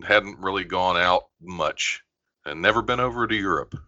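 A man's voice: low-pitched, moderate pace, pushed and bright, no room sound, highs cut off. A man hosting a radio talk show, chatting casually with short agreeing replies.

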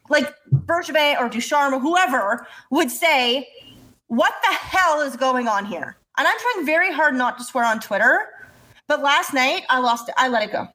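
High-voiced woman ranting about hockey. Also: moderate pace. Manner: animated, ranting, swears, laughs often. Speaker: podcast co-host. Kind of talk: casual chat.

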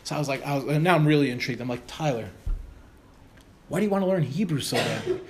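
A middle-aged man telling an anecdote to an audience in an animated way, acting out the people in it. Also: high voice. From United States. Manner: animated, acts out the voices of the people in his stories. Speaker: storyteller.

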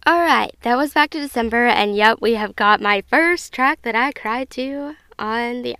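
Woman in her twenties, casual podcast chat, gushing and filler-heavy, smooth clear voice, vocal fry. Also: fairly high pitch, a little slow, hardly any pauses, sharp tone, no echo. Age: 20s. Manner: gushing, chatty, many fillers like "um" and "like". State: emotional, near tears at times. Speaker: podcast host. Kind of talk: casual solo review podcast.

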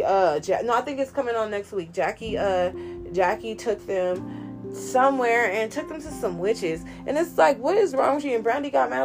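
A woman hosting a casual commentary chat, animated and slangy, ranting and mocking people in quoted voices. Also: a little high. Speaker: host.

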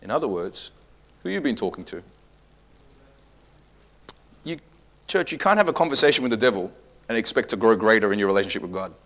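Male pastor, sermon delivery, rhetorical questioning, wide swings between quiet and loud. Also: fairly low pitch, animated, fairly quick, pauses often.

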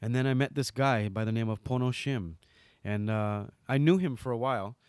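He's a middle-aged man from Hawaii, a guest in an interview, spinning casual stories and animatedly performing quoted lines. The voice is medium-pitched and smooth, at normal speed, with no echo.

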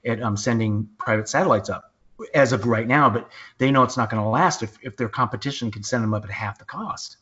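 A man hosting a podcast in casual chat, blunt and quick to swear, often restarting his sentences. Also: mid-range voice, bright, forceful tone. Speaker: podcast host. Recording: dull lo-fi podcast audio.

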